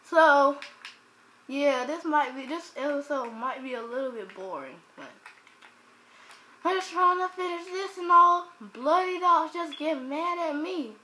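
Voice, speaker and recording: High, bright, excitable woman gamer. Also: measured pace. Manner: excitable, bursts into loud exclamations; chats directly to viewers. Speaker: gaming channel host. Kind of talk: let's play commentary.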